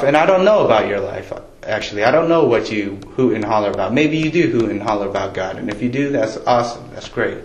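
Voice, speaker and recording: A pastor giving a casual, conversational sermon, joking with his congregation in a church. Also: medium pitch. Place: church sanctuary. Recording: echoey church room, faint ambience.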